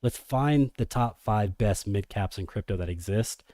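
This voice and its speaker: A man's voice: on the low side, normal speed, no echo, studio quality. A man hosting a casual crypto livestream, talking energetically to his viewers and calling them degens. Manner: energetic, hype-driven, addresses viewers as degens.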